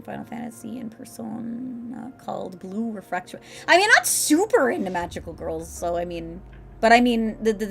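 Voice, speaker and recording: A woman's voice: fairly high pitch, gravelly. A young woman streaming a game, chatting casually with her viewers, rambling and laughing often as she answers chat.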